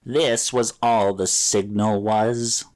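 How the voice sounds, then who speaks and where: A menacing armored gargoyle robot speaks slowly and coldly, full of disdain, as a man puts him on. The voice sits a little low and drawls each word with contempt. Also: very animated, exaggerated voice. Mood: cold, dismissive. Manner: slow, cool, contemptuous.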